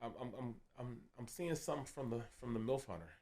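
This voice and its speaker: A man talks through his sports picks in a casual, halting way, restarting and repeating words as he goes. His voice sits at an everyday male pitch. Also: warm tone. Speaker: sports betting panelist. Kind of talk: casual sports betting chat.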